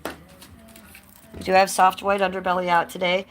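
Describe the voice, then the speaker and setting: A woman's voice: on the low side, completely flat delivery, measured pace, slight background noise, rough recording. Blunt, combative woman livestreaming. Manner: blunt, combative, swears freely. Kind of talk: casual livestream chat. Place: indoors at home, high-ceilinged room.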